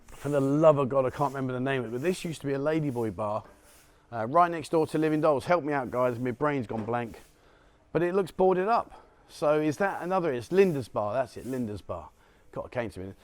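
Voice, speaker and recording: A middle-aged man, a vlogger, chatting and joking as he walks outdoors along a city street at dawn, recorded on a handheld camera. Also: medium pitch. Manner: chatty, joking, chuckles at his own remarks. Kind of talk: walk-and-talk street vlog.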